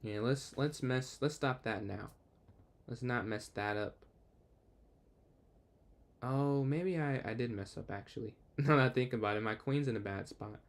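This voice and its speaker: A man's voice: medium pitch, creaky. Young man thinking aloud over chess. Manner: thinks aloud, quick asides to chat; excitable outbursts when the game turns. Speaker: chess streamer. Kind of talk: casual live game commentary.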